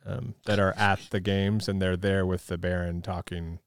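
Smooth low-voiced man explaining calmly. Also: moderate pace, no room sound. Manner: thoughtful, explanatory, hedging. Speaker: podcast co-host. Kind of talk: casual movie chat.

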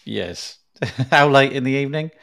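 A man's voice: mid-range voice, lively intonation, moderate pace, vocal fry, fairly bright tone. A man hosting a podcast in casual chat, chatty and self-deprecating, laughing often. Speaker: podcast host.

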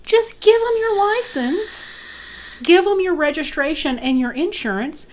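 A woman's voice: very high voice, animated, unhurried. A woman co-hosting a casual podcast, blunt and opinionated, swearing freely. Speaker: podcast co-host. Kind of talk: casual chat.

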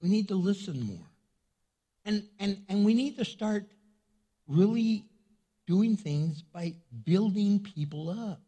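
A male pastor preaching a sermon in a church, animated and joking, repeating his points for emphasis. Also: high-pitched, slightly rough.

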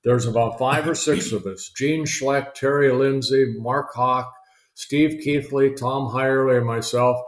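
An older man, a retired pitcher, telling chatty, rambling stories in a podcast interview, full of fillers and restarts. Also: fairly even intonation, unhurried. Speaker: guest, retired baseball pitcher. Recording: roomy echo.

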